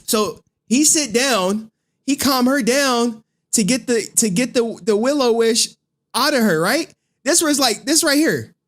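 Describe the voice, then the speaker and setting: A male streamer talking casually, swearing freely and slipping into voices to act out scenes. His delivery is lively and loose, like chatting with viewers. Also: very high voice, measured pace, a little hiss or hum. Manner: animated, profane slang, acts out scenes with voices. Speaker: streamer recapping a horror movie.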